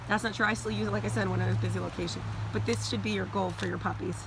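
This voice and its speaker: A woman dog trainer talking casually while working her dogs off leash outdoors, now and then calling them loudly. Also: medium pitch, steady tone, racing. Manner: chatty, loud recall calls to her dogs. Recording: noisy outdoor recording. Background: dogs playing.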